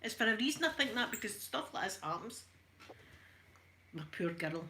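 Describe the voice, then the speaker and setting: A woman's voice: medium pitch, very animated, normal speed, pushed and bright, a little hiss or hum. A middle-aged Scottish woman chatting casually while ironing, rambling from one story to the next. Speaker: ASMR creator.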